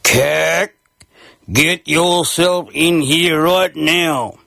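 A man voicing a stern father with an Australian accent who speaks in a slow, firm bellow. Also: a little high, fairly even intonation, vocal fry, pushed and bright, no echo, studio quality, voice pushed up, heavily acted.

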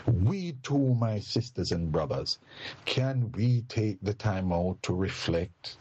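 Slow, gravelly-voiced man preaching. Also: darkish tone, a little hiss or hum. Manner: slow and deliberate with sweeping pitch. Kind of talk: sermon.

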